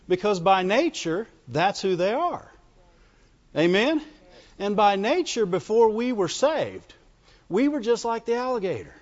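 A man's voice: sits high, sing-song, measured pace. A man preaching a folksy sermon in church, calling out to the congregation for amens as he goes. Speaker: pastor. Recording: dull lo-fi recording with long reverb.

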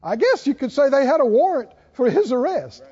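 A man preaches with a high, mellow voice that swings widely in pitch. He takes his time, laughing between lines and pressing his points. The sound is dull and carries the long reverb of a large hall. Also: sing-song, fairly quick. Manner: preaching with laughs and rising exhortation. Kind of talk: sermon.

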